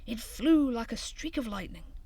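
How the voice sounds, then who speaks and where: A woman reading a children's storybook aloud in an expressive, lively way. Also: fairly high pitch, normal speed, breathy edge, no room sound.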